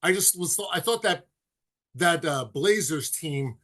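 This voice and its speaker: A man chatting casually on a sports podcast, telling animated stories and dropping into quick impressions. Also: on the high side. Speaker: podcast co-host.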